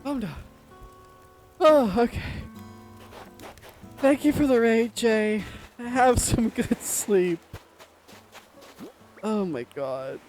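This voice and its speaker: A game streamer talks in a relaxed, unhurried way, pitched in a middle range. They ramble to themself and to viewers in casual live-stream chat and often dissolve into giggles. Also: faint music behind.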